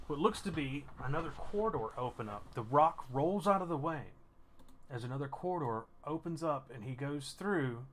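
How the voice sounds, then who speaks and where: A man's voice: fairly high pitch, a little hiss or hum. A man narrating a tabletop role-playing game as game master.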